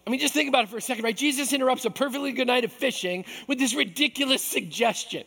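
A man preaching as pastor, animated and acting out voices from the story. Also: very high-pitched, fast talker, gravelly, big-room sound. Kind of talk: sermon.

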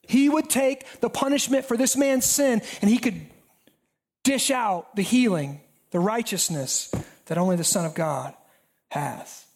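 A pastor preaching a sermon with emphatic, repetitive, building cadences. The voice swings between raised intensity and hushed, near-whispered passages. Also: mid-range voice, a little slow.

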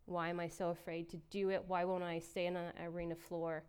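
A woman's voice: lowish voice, little pitch movement, a little fast, a little mellow, clean tone. A middle-aged woman giving a candid, emotional personal testimony as a church speaker, laughing often as she talks.

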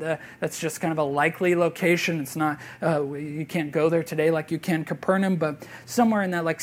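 Earnest man preaching, loud to hushed. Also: high-pitched. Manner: earnest, swinging from loud emphasis to hushed near-whisper; conversational, with fillers and restarts. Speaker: pastor. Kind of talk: sermon.

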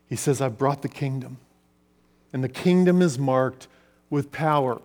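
A man preaching a sermon, telling stories and swinging between loud passages and hushed ones. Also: mid-range voice, a little slow, pauses often. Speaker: pastor. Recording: long reverb of a large hall.

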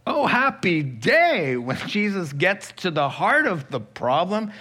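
A man preaching a sermon, telling a Bible story with lively acted-out quotes and asides. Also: sits high, slow, hardly any pauses, slightly rough. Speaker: pastor.

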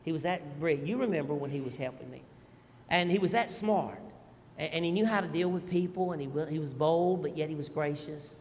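A middle-aged male pastor, telling family stories in an animated, folksy sermon with asides to the congregation. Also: on the high side, a little fast, long reverb tail, a little hiss or hum. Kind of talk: storytelling sermon.

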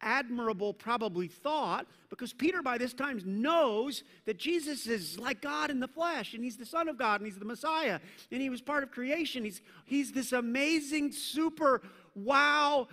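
A man preaching a sermon as pastor, animated in his storytelling, acting out scripture voices, and dropping self-deprecating asides. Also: extremely high pitch, normal speed, hardly any pauses, big-room sound.

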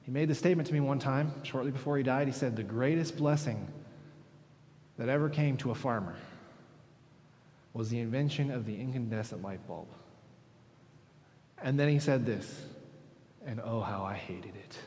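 A man preaching a sermon, retelling a parable in his own words and acting out the workers' voices with lively emphasis. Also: medium pitch, normal speed, pauses often. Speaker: pastor. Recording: long hall reverb.

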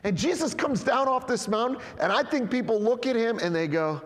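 High-voiced man preaching in a reverberant hall. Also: a little fast, few pauses. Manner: animated, conversational preaching with sudden drops to quiet emphasis. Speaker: pastor. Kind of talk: sermon.

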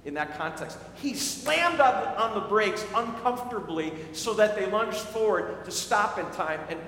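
Earnest pastor preaching in an echoey hall. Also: male voice, high voice, lively intonation, a little slow, fairly bright tone, a little hiss or hum. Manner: earnest, repeats words when starting sentences. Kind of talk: sermon. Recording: echoey hall with faint ambience.

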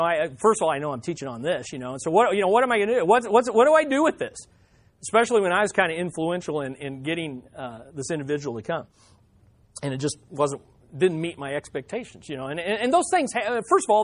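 A male preacher giving a conversational Bible teaching, often putting questions to his listeners. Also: fairly high pitch.

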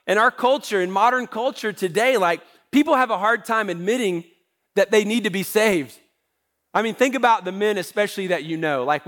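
A man's voice: sits high, a bit bright. A man preaching a sermon as pastor, talking in a conversational way with self-deprecating humor.

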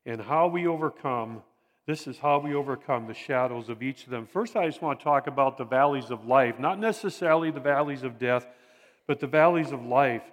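Earnest older man preaching in a reverberant hall. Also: a little high. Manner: earnest, halting, repeats phrases for emphasis. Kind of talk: sermon. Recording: long reverb of a large hall.

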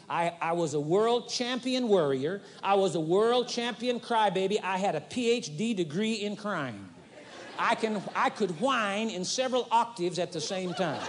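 A man preaching a sermon in a folksy, animated way, acting out demonstrations. He speaks in a large arena. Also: high voice, normal speed. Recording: 1980s live arena recording with long reverb.

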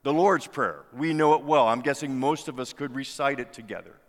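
A man preaching a sermon, slow and reflective, his voice dropping soft at the ends of phrases. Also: medium pitch. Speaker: pastor. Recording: long hall reverb.

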